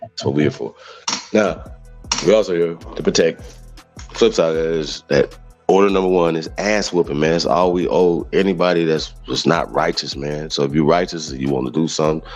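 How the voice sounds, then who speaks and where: Man, very low voice, blunt and rambling, dull lo-fi audio. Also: fairly quick, darkish tone, soft background music. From Mississippi. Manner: blunt, heated, rambling, profane. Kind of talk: casual livestream talk.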